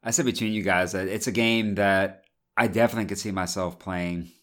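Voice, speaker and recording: A man in a casual gaming discussion, relaxed and trailing off with fillers, who has the hiccups. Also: low-pitched, a little fast.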